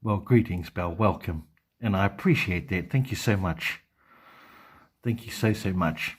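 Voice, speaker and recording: A man's voice: sits low, measured pace, slightly rough. A man chatting casually on a live stream, rambling and hesitant, full of ums and restarts.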